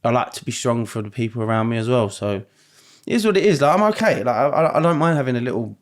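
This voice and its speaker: A man, a podcast guest, talking in a halting, tearful way that trails off into near-silence. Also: mid-range voice, very animated. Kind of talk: emotional podcast conversation.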